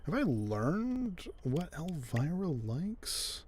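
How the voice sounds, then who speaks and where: Lively, slow-talking man playing a game. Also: on the high side, a little hiss or hum. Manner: chatty, wry asides. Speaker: gaming video creator. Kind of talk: casual gameplay commentary.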